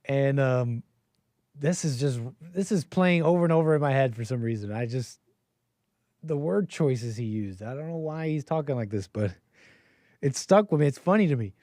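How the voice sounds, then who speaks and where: A man's voice: medium pitch, animated, moderate pace, warm tone, no echo, clean studio sound. A man hosting a call-in livestream, chatting casually and rambling with laughs. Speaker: call-in show host.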